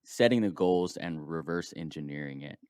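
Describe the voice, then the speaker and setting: A man hosting a casual interview who talks in a relaxed, hesitant way full of fillers. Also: extremely low pitch, moderate pace, clean tone, no echo, clean studio sound.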